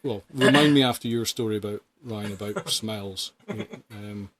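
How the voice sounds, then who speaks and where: Low-voiced British man in casual chat. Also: moderate pace, a crowd in the background. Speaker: podcast host.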